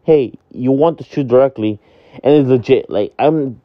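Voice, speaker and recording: A sleepy, yawning man in his twenties from Miami, Florida hosts a vlog, rambling candidly in a casual monologue full of fillers and free swearing. His voice sits at medium pitch and moves at a moderate pace. The audio is dull, with no echo.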